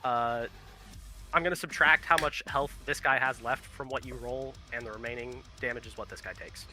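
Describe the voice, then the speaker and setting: A man narrates a tabletop battle as game master in a casual style, swearing and laughing. His voice is very bright and sharp. Faint music plays behind him. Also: mid-range voice, moderate pace.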